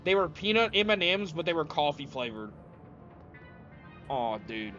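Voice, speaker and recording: A man's voice: fairly high pitch, sing-song, moderate pace, a bit bright. A young man streaming a game, chatting loosely with his viewers in a rambling, laid-back way. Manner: rambling, laid-back, says "dude" often. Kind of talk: casual chat with viewers while playing. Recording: lo-fi, dull sound with faint music.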